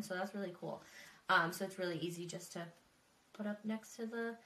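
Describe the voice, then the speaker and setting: A woman's voice: lowish voice, fairly bright tone, echoey room, far from the mic. A woman hosting a true crime podcast, talking casually with frequent swearing and emotional asides. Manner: chatty, swearing, emotional and tearful. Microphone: desk microphone.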